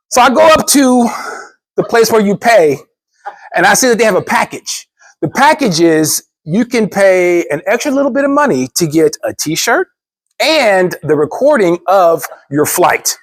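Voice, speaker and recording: A man telling a funny personal story in an expressive, theatrical way, then signing off his channel. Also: high-pitched, a little slow. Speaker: storyteller, YouTuber. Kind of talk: animated storytelling speech.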